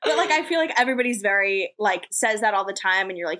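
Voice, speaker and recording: A woman's voice: mid-range voice, animated, fast, sharp tone. A young woman from Los Angeles co-hosting a fitness podcast, chatty and joking, with lots of fillers. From Los Angeles, California. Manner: chatty, joking, many likes and restarts. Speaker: co-host, manager and athlete. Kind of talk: casual podcast chat.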